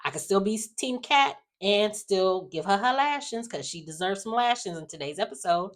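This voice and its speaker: A woman chatting casually in a sassy, animated way, sighing and acting out lines in quotes. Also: medium pitch, normal speed, few pauses. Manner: animated, sassy, acts out characters in quotes, frequent sighs. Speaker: soap opera recap vlogger. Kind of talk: casual recap chat.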